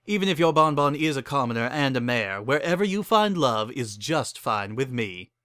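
A man's voice: medium pitch, expressive, normal speed, a bit bright, smooth, dry recording, clean studio sound, close to an everyday voice. A man voicing an older male aristocrat pony with grand, formal phrasing, in a dramatic story reading. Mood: genial.

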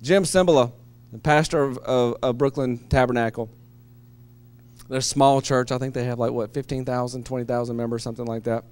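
A man preaching a sermon, moving between quiet, low asides and loud, shouted passages. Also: steady tone, a little fast. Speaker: pastor.

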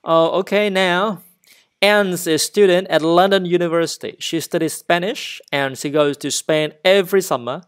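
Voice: mid-range voice, normal speed, smooth. A teacher whose first language is Vietnamese, speaking English with a Vietnamese accent. They read a textbook passage and then drill vocabulary, repeating each word and stressing its syllables. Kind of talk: slow vocabulary lesson with repetition drills.

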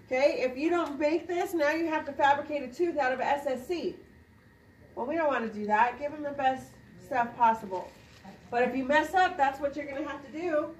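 A woman, a dental instructor, demonstrating a procedure to a class and quizzing students with quick questions. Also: sits high, far from the mic, slight background noise. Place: clinic classroom. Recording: roomy sound from off-mic.

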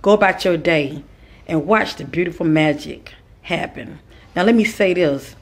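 In a fairly low voice at normal speed, a woman gives spiritual advice in monologue form, acting as a spiritual teacher. She preaches with repetitive cadence and refers to her audience as kings and queens.

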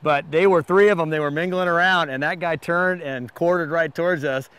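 A man hosting an outdoor hunting show, talking in an excited, enthusiastic way outdoors. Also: fairly high pitch, brisk, clear, resonant tone, dry recording. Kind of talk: casual outdoor chat. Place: outdoors on a hunt.

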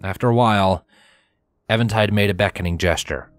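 Low-voiced man reading a story. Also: fairly quick, dry recording, soft background music. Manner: steady storytelling, acting out dialogue. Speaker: narrator. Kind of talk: fanfiction reading.

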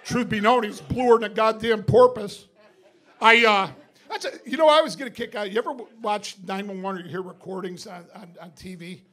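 A man does stand-up in a club, spinning a rowdy story with plenty of swearing and laughs at his own jokes. His voice sits very high for a man and has a bright, forceful edge. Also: brisk. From Binghamton, New York. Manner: swearing, laughing through the punchlines. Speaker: stand-up comedian. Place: comedy club stage with audience.

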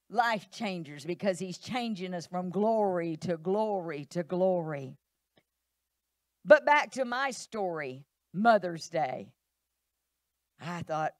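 Woman, pastor, middle-aged, lively sermon, acts out voices, dry close mic. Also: fairly low pitch, measured pace, no echo. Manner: animated preaching, acting out voices. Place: church.

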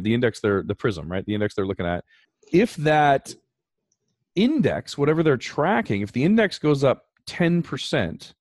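A male podcast host walks through finance numbers in a casual but emphatic, animated way. His voice is medium-pitched. The audio is studio quality with no room sound.

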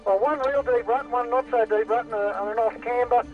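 A man's voice: very high voice, fairly even intonation, fairly quick, phone-quality sound, soft background music. An Australian man talking on a two-way radio in a friendly, matey way.

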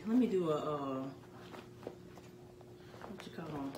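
A woman vlogger talking through an unboxing video in a casual, gushing, excitable way. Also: low-pitched, slow, pauses often, echoey room, noisy background.

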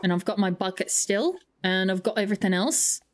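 A young woman streams a game, chatting casually and rambling through self-deprecating stories packed with fillers. Her voice is mid-range and she talks a little fast.

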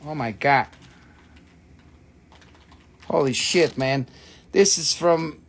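A high-voiced man draws out his words as he hosts a live stream selling crystals and rocks. The casual sales chat runs on joking, profane, teasing banter, and he trails off with repeated fillers when flustered.

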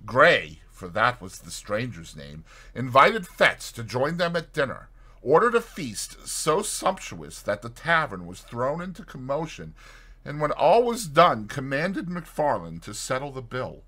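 Male storyteller, scripted narration, expressive, bright tone, animated pitch. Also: measured pace. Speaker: audiobook narrator.

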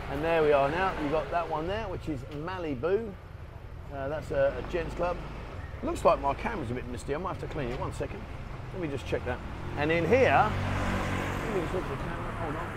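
A man chatting enthusiastically as he walks the streets, vlogging with a handheld camera. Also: on the high side. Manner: chatty, enthusiastic, rambling with fillers. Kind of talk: casual walking vlog. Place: outdoors on city streets. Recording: street noise, traffic behind.

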